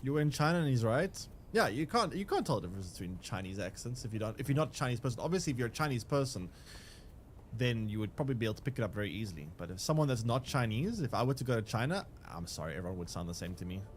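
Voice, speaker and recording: A young man talks loosely over his gameplay stream, answering chat and trailing off into fillers. His voice swings up and down with lively pitch, and a faint background hum sits under it. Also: very fast. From South Africa. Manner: rambling, answers chat while playing, many restarts and fillers. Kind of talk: casual game livestream chat.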